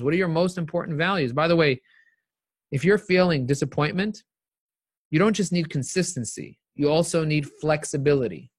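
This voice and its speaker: Middle-aged male motivational speaker on a live video call, high-set voice, repeats himself for emphasis. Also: no room sound, clean studio sound. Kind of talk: live-streamed motivational talk answering viewer questions.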